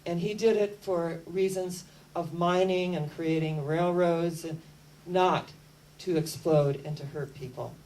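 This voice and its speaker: A woman speaking to an audience, telling a story as a lively storyteller who keeps coming back to energy and spirit. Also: lowish voice, measured pace, far from the mic, rough recording. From United States. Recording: voice a bit off mic with faint hum.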